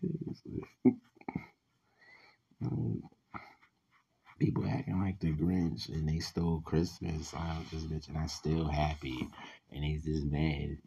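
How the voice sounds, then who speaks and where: Low gravelly man venting profanely. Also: takes it slowly, pauses often, highs cut off. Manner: profane, animated venting with many "like" fillers. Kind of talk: casual ranting monologue. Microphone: voice message recording.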